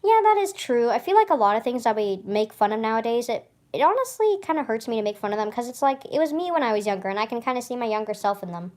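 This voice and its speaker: A woman's voice: a little high, big pitch swings, quick pace, few pauses, a little mellow. Chatty woman vlogger who stutters. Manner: stutters and restarts often; chatty, rambling, with frequent laughs. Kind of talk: casual chat to camera.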